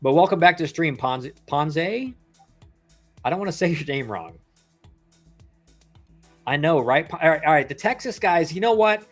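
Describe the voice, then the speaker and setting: A livestream baseball commentator, a man in his thirties who used to play professionally, talks through a live game with a slightly high, animated voice at a moderate pace, pausing often. He's casual, chatty and rambling, throwing in slangy asides while soft music plays behind him.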